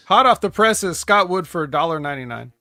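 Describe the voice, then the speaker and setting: A man's voice: on the high side, lively intonation, brisk, sharp tone, no echo. A man co-hosting a casual wrestling review show, dropping dry, joking asides. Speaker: podcast co-host.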